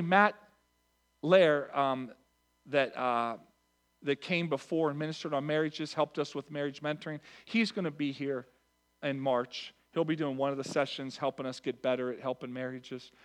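A man's voice: on the high side, a bit bright. A pastor giving church announcements in an earnest, conversational way, speaking directly to his congregation.

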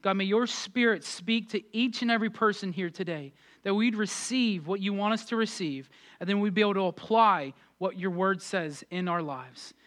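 Man, pastor, sermon, emphatic, energetic, high-pitched. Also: normal speed. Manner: energetic, emphatic, rising to fervent peaks.

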